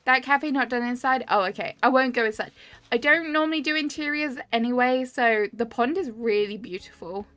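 A cheerful, high-voiced woman streamer talks a little fast in a fairly bright tone as she tours game islands. Chatty and casual, she greets her chat by name. Her webcam and desk mic produce a dry close sound with game music playing behind her.

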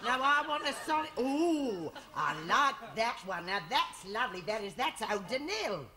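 A woman's voice: a little high, very animated, moderate pace, bright, forceful tone. An actress playing a fussy, rambling older mother in a 1970s studio sitcom. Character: fussy, dotty London mother. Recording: hissy old TV soundtrack.

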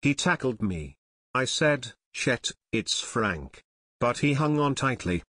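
A man reading an audiobook, voicing a calm, level-headed teenage boy detective who explains things in a low, even voice. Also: takes it slowly, no echo, studio quality, exaggerated voice. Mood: explaining. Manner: level, explaining, sometimes hushed.

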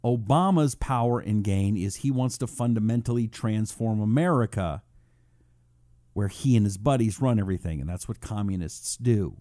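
A man's voice: animated, normal speed, dark tone, no room sound, studio quality. A man hosting a political talk radio show, reading listener messages and answering critics with sarcasm. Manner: combative, sarcastic, mocks critics in high put-on voices.

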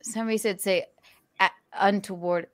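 A woman's voice: medium pitch, fairly even intonation, normal speed, no echo, studio quality. A pregnant woman chatting on a podcast in a giggly, cackling, jokey way. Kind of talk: casual chat.

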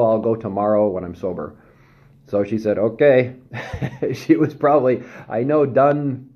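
A man giving a candid, self-deprecating personal testimony, speaking haltingly with frequent pauses and restarts. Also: lowish voice, highs cut off. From Southern California.

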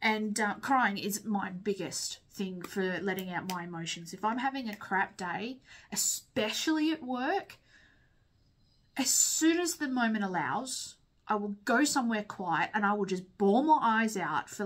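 A woman's voice: medium pitch, animated, measured pace. Candid rambling woman, sniffly voice. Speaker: vlogger. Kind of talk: casual chat while doing makeup.

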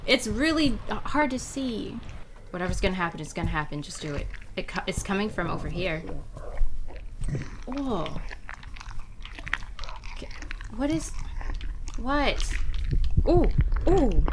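A woman's voice: mid-range voice, sing-song, a little slow, long pauses, background noise. Jumpy woman narrating a horror game. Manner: jittery, swings from hushed muttering to frantic yelps. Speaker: video game player. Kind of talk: horror game let's-play commentary.

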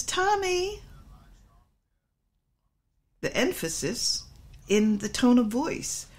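A woman pastor delivering a Bible teaching sermon in a voice of middling pitch. She drives her points home by repeating words over and over and adds frequent asides to her listeners.

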